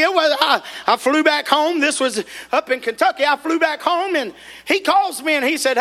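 Male preacher, bright and forceful tone, folksy and animated, recorded in a reverberant church hall. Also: very high voice, brisk. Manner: folksy, animated, rises to shouting. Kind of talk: sermon storytelling.

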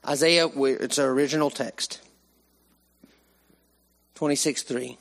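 Animated preacher. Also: male voice, medium pitch, unhurried, long pauses. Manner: animated, with sudden rises and hushed drops. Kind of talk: sermon.

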